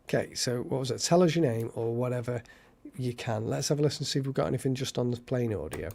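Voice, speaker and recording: A man hosting a casual live stream, chatty and excitable, thanking viewers by name. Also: mid-range voice, quick pace, gravelly.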